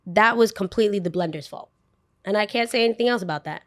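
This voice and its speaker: A young woman telling a story in a casual podcast chat, lively, acting out the people she quotes and saying "like" often. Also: medium pitch, fast. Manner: animated, acts out quotes, heavy use of "like". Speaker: podcast guest.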